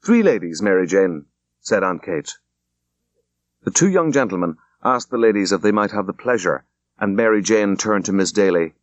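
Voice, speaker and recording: A man reading a classic story aloud as an audiobook, in an unhurried, measured narration. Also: on the low side, no room sound, lo-fi sound. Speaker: audiobook reader. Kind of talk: scripted narration.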